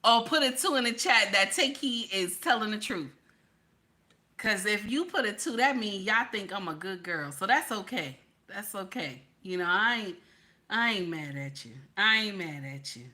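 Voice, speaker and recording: A woman hosting a casual livestream chat, animated and playful, teasing her viewers and tossing in "okay?" again and again. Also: mid-range voice, normal speed. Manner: keeps repeating "okay?". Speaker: livestream host.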